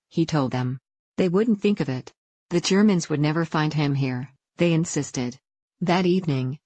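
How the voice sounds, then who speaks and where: A woman reading a wartime escape story aloud as narrator, in a steady storytelling manner. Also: deep voice, dry recording. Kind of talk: scripted narration.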